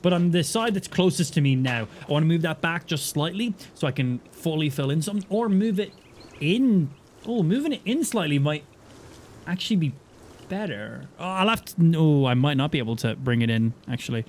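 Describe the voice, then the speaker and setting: A man's voice: a little high, expressive, fairly quick, a little mellow, a little hiss or hum. An Irish man chatting casually and cursing freely while he streams gameplay and jokes around. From Ireland. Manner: chatty, profane, joking.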